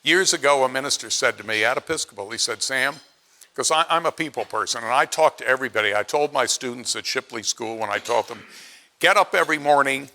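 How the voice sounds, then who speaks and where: After-dinner speaker, male, late seventies, from Pennsylvania; bright, chatty, self-mocking storyteller. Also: medium pitch, fast. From Pennsylvania, USA. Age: 70s. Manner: chatty, self-deprecating, acts out quotes in his stories. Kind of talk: anecdotal after-dinner speech.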